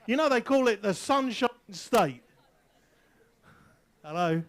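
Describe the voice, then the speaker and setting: This English announcer provides live commentary over the loudspeakers at an outdoor barefoot water skiing competition, joking with spectators in the gaps between jumps. He speaks at a normal pace in an extremely high, expressive voice.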